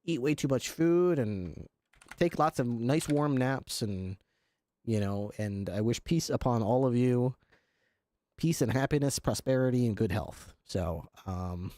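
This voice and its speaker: A man's voice: medium pitch, a little slow, a little mellow, no echo, studio quality. A man livestreaming, chatting casually with his viewers, laughing often and swearing. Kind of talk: casual chat with stream viewers.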